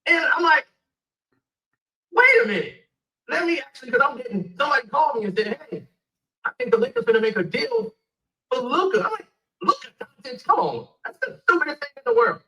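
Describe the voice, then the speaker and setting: A man's voice: extremely high pitch, sing-song, fast talker, sharp tone, low-quality recording. A man, ranting angrily and profanely about basketball. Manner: heated, profane, emphatic. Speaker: sports commentator. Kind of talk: angry rant.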